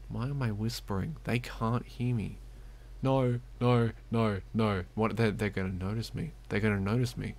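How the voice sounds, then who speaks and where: A man's voice: lowish voice, fairly even intonation, moderate pace, vocal fry, darkish tone, slight background noise. A young man giving giggly, self-mocking live-stream commentary as he plays a game, talking to the screen.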